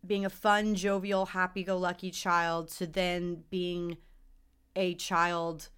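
A woman's voice: lowish voice, flat delivery, slow, a bit bright, clear, resonant tone. A young adult woman co-hosting a podcast, chatting casually, earnest and emotional as she rambles with fillers. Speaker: podcast co-host. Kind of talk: casual chat.

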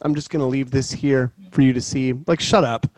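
A man's voice: mid-range voice, steady tone, fairly quick, darkish tone, no room sound. A man of forty hosting a podcast, riffing in rambling, profane casual chat. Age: 40s. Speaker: podcast host.

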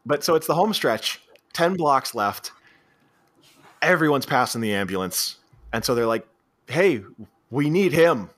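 A man's voice: mid-range voice, moderate pace, pauses often. Man animatedly recapping a movie. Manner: animated retelling with acted-out quotes. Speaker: podcast co-host. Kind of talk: casual film recap chat.

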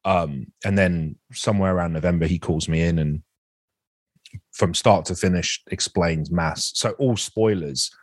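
A man's voice: deep voice, dry recording, studio quality. A man in his forties, an actor guest speaking candidly in an interview, often restarting his sentences. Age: 40s. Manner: candid, halting, with many restarts.

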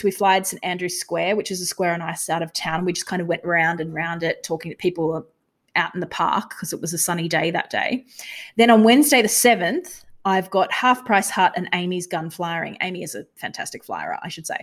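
A woman's voice: on the low side, a bit bright. A young adult Australian woman telling stories in a casual podcast interview, acting out the lines she said to people. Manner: chatty storytelling, acts out quoted lines. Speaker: guest, touring comedy performer.

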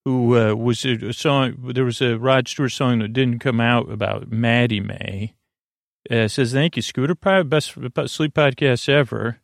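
A man hosting a sleep podcast, reading listener reviews aloud in a meandering, halting way full of fillers and restarts. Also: medium pitch, fairly even intonation, vocal fry, no echo, studio quality.

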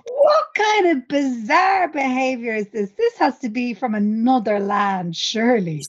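An Irish woman co-hosting a casual chat podcast, blunt and sweary, laughing loudly. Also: fairly high pitch, sing-song, a little slow, hardly any pauses, lo-fi sound. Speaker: podcast co-host.

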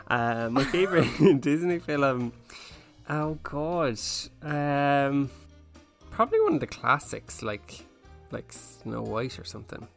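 A man co-hosting a comedy podcast, answering listener questions and teasing his co-host with deadpan jokes. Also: mid-range voice, slow, vocal fry, faint music behind. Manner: teasing, deadpan jokey asides.

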